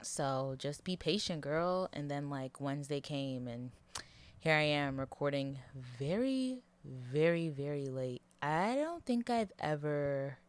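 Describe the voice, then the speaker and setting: A woman's voice: low-pitched, lively intonation, takes it slowly, smooth. Tired, chatty young woman podcaster. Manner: chatty, rambling, laughs often. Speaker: podcast host. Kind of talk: casual solo podcast chat. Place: in bed at home. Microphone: handheld mic held close to mouth.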